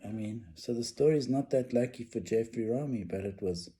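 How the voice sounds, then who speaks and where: A middle-aged man tells a personal story in a loose, rambling way, circling back with fillers and false starts. His voice is very dark and mellow, sitting at an ordinary male pitch. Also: brisk. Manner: rambling, casual, with many fillers and restarts.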